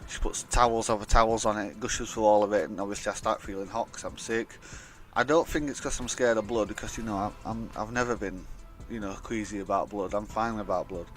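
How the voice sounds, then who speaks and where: A young man with a fairly low voice tells a long personal story in a loose, rambling vlog style. He swears freely and slips into the voices of the people he quotes. Faint music plays softly behind him. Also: fairly even intonation, brisk, hardly any pauses. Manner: rambling, swears a lot, acts out quoted dialogue. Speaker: vlogger. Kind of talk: casual storytime monologue.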